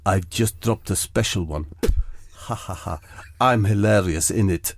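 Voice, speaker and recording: A man voicing a smug, boastful football manager in a low, sly tone. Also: unhurried, no room sound.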